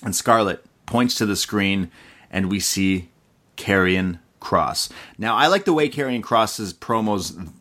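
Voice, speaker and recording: A man's voice: on the low side, takes it slowly. A man hosting a casual show recap, talking animatedly, swearing and acting out quotes as he goes. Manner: animated, swears, mimics wrestlers' promos. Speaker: podcast host.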